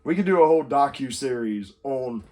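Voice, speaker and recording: A man's voice: mid-range voice, lively intonation, a little fast, a little mellow. A young man co-hosting a casual podcast chat, rambling, laughing often and acting out quotes in silly voices. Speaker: podcast co-host.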